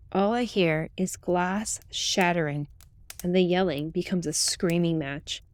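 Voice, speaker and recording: A woman reading a true ghost story aloud in the first person, with calm, steady storytelling. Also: medium pitch, no echo. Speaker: narrator. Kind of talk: scripted ghost story narration.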